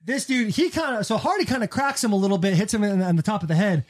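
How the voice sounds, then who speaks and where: A man in casual podcast chat, retelling a fight night in a fast, animated way and swearing freely. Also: high-pitched. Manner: fast, animated storytelling with profanity; breaks into sung snippets when retelling. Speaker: podcast co-host.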